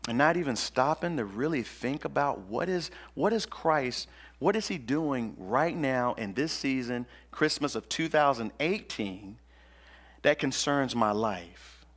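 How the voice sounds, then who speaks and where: A man's voice: mid-range voice, expressive, moderate pace, fairly bright tone. A male pastor preaching a sermon in an emphatic, colloquial, slangy manner.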